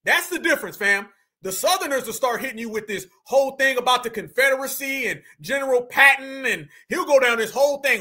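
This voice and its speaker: A man's voice: very high voice, expressive, brisk, pushed and bright. A man hosting a reaction commentary, slangy and exclaiming, often breaking into laughter. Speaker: commentary host.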